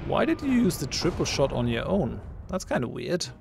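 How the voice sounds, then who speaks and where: Gravelly man thinking aloud through a game. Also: a little high, very animated, normal speed, music in the background. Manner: thinks aloud, mutters, laughs at his own jokes. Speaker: gamer playing a ship combat game. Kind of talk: casual gameplay commentary.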